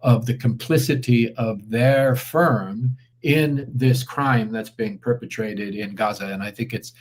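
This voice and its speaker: A man speaking as a guest commentator in a live online interview, measured and deliberate, with frequent fillers and restarts. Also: mid-range voice.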